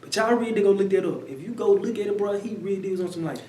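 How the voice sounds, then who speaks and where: A man's voice: high voice, animated, fast, reverberant, distant mic, noisy background. A man chatting casually as a commentator, telling a story in loose slang and repeating himself. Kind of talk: casual chat.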